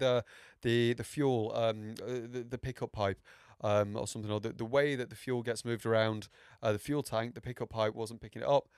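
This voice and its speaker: A man's voice: mid-range voice, darkish tone, no echo, clean studio sound. A young man hosting a casual podcast, rambling and self-mocking, with many fillers and restarts. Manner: puts on mock accents. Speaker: podcast host. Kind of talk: casual motorsport podcast chat.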